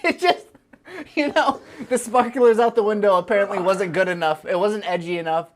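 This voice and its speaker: A woman's voice: mid-range voice, normal speed, slight background noise. A young woman co-hosting a casual chat show, teasing playfully and giggling as she recalls a story. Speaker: co-host.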